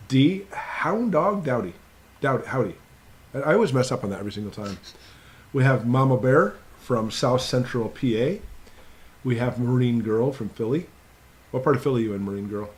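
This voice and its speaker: Chatty man greeting stream viewers. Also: medium pitch. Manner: greets viewers by name one after another, chatty and upbeat. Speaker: host of a live stream Q&A. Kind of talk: casual live stream chat.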